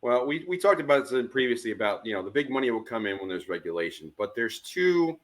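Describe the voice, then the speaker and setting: A man's voice: medium pitch, sing-song, fast talker. Male co-host, mid-range voice, skeptical conversational tone. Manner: skeptical, speculative. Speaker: podcast co-host. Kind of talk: casual podcast discussion.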